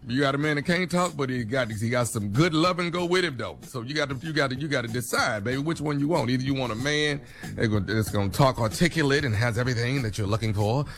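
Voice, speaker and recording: A man's voice: medium pitch, fast, a bit bright, natural voice. A man doing a mumbling boyfriend. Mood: boastful. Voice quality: slurred, mumbled and repetitive. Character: fast-mumbling laid-back Southern boyfriend, man.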